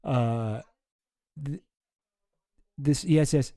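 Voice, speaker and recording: A man's voice: mid-range voice, extremely slow, mellow, no echo. A man hosting a stream, chatting casually and self-deprecatingly on a close microphone and laughing often. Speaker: streamer host. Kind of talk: casual reaction commentary.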